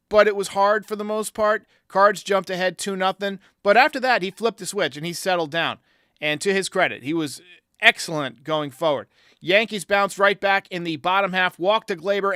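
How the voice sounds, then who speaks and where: A man hosting a sports podcast, giving an excitable casual game recap and talking straight to his viewers. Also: sits high, smooth, no echo, clean studio sound. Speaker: podcast host.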